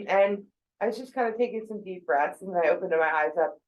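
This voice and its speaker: A woman's voice: mid-range voice, fairly quick, lo-fi sound. A woman in her forties giving a casual, conversational talk about thinking habits, with fillers and quoted asides. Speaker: speaker on mental health.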